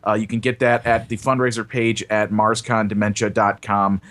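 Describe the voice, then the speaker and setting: A man's voice: lowish voice, flat delivery, normal speed, a bit bright. A chatty man in his middle range, a guest musician on a podcast. He talks casually and chuckles at his own jokes while he plugs his projects. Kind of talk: casual chat.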